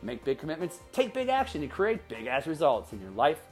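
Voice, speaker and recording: A man's voice: on the high side, wildly swooping pitch, fairly quick, soft background music. A man hosting his own motivational podcast, talking with punchy energy and firing off repeated rhetorical questions. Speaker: podcast host and life coach.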